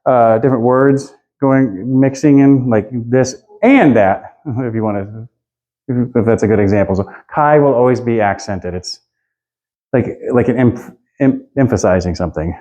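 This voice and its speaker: A man's voice: medium pitch, normal speed, warm tone, dull audio. A man teaching an informal Greek class, chatty and loose, laughing and hunting for his notes as he goes.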